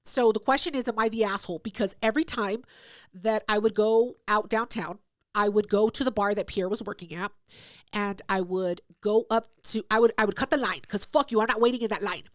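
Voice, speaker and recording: A woman co-hosting a podcast, telling a story in a casual, loud and profane way, acting out everyone's lines. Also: medium pitch, a little fast, no room sound, studio quality. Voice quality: loud, profane, animated retelling with acted-out quotes. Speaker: podcast co-host.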